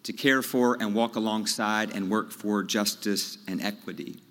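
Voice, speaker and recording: A man preaching a sermon as pastor, telling a story in a measured way before leading his congregation in prayer. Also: lowish voice, fairly even intonation, fairly bright tone. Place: large church sanctuary. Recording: long church reverb.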